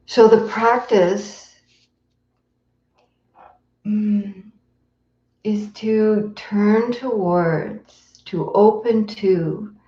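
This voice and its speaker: Slow, gentle woman teacher in an echoey room. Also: medium pitch, fairly even intonation. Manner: gentle, tender, unhurried, with soft pauses. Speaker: meditation teacher. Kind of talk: live-streamed dharma talk. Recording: roomy echo, dull lo-fi sound.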